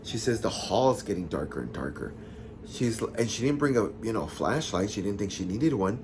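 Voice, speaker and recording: A man casually retelling a listener's ghost story, chatty and expressive, with sassy asides to the audience. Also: lowish voice, moderate pace, slight background noise.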